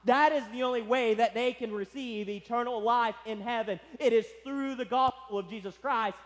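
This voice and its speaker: A pastor preaching a sermon with emphatic stress, slowing down to press key words. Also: male voice, very high voice. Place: church sanctuary. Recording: long hall reverb.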